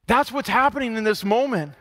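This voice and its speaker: High, bright-voiced male preacher in a reverberant hall. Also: brisk. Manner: animated preaching, acts out grumbling quotes. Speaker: pastor. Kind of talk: sermon. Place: church sanctuary.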